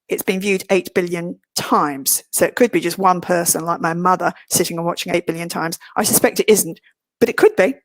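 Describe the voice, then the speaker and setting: A woman's voice: a little fast, no echo. Theatrical middle-aged woman, dry close sound. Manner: theatrical, self-mocking, big swings in pitch. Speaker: webinar speaker. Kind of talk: lively presentation.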